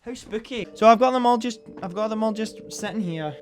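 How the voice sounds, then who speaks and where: A man's voice: high voice, fairly quick, smooth. Rambling, self-deprecating man reviewing books. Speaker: book vlogger. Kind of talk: casual book review chat.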